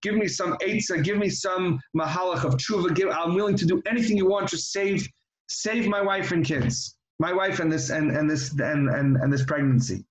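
A man's voice: high-pitched, normal speed, roomy sound, a crowd in the background, voice pushed up, close to an everyday voice, low-quality recording. A man voicing a desperate husband who pleads and stammers. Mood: pleading.

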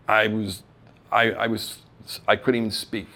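A man's voice: on the low side, measured pace, creaky, pauses often. A middle-aged man telling stories of his acting career on stage, acting out the voices of the people he quotes and laughing at himself. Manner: animated storyteller who acts out quoted voices and laughs at himself. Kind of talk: storytelling talk. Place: live event stage.

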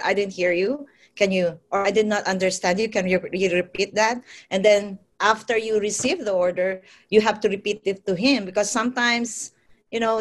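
Laughing woman from the Philippines. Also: medium pitch. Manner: laughs often, chatty with restarts. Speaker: nurse. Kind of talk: casual interview answer.

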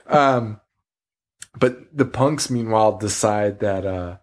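A man's voice: on the low side, takes it slowly. A man co-hosting a horror podcast, recapping a movie in casual chat, swearing freely, laughing often and acting out the characters' lines. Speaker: podcast co-host.

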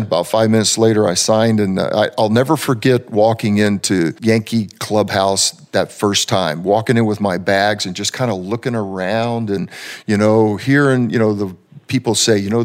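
A man in his seventies, a former ballplayer, telling relaxed anecdotes and acting out the people he quotes. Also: fairly low pitch, a little fast. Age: 70s. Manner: relaxed storyteller, acts out quoted voices, frequent "you know".

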